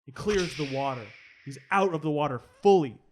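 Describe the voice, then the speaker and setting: A man co-hosting a comedy podcast, narrating an improvised movie scene with halting restarts. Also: a little high, animated, slight background noise. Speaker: podcast co-host.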